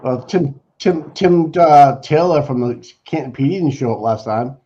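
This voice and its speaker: A man with a Boston accent co-hosting a casual live stream, animated and prone to repeating words. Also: mid-range voice, normal speed, breathy edge, dull audio. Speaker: co-host.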